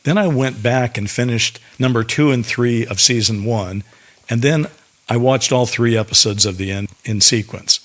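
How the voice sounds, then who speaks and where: A man's voice: medium pitch, normal speed, fairly bright tone. A man co-hosting a podcast, talking in a chatty, rambling, self-deprecating way. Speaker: podcast co-host. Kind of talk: casual conversational podcast.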